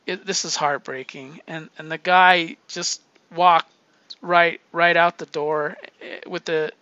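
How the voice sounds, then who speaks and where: Casual comic reviewer, male, high and bright, profane and laughing, lo-fi dry mic. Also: steady tone, slow pace, clear, resonant tone, no room sound. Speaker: podcast host reviewing comics.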